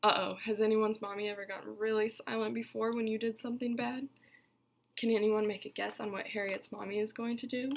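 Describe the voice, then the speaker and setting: A woman's voice: medium pitch, level tone, fairly quick, gravelly, a little hiss or hum. A woman teacher reading a picture book aloud to her class, telling it expressively and stopping to ask the children questions.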